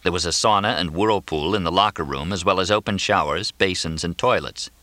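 A man reading a novel aloud as an audiobook narrator in measured, even storytelling. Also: low-pitched, dry recording. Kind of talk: scripted narration.

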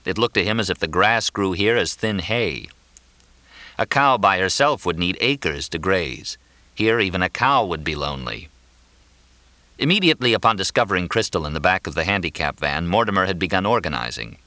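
A man reading a novel aloud as an audiobook narrator in measured, even storytelling. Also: sits low, no echo. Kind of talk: scripted narration.

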